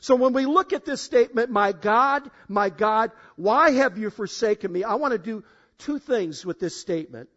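High-voiced preacher, loud then hushed. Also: male voice, expressive, normal speed. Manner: emphatic, swings between loud declarations and low asides; addresses congregation directly, asks for show of hands. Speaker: pastor. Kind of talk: sermon. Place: church in front of a congregation. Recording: dull, lo-fi sound.

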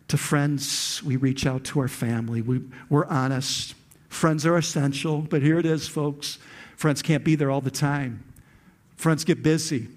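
A man's voice: a little high, a little mellow. A male pastor preaching a sermon, often repeating words and building to passionate peaks. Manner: preaching with rising intensity, frequent repeated words.

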